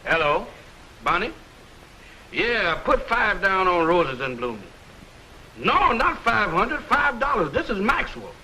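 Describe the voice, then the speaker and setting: A man's voice: high voice, sing-song, slow, pauses often, bright, forceful tone, a little hiss or hum, full character voice, poor audio. An actor playing an eager, comic errand man for a bookie, speaking in drawling 1940s film comedy dialogue.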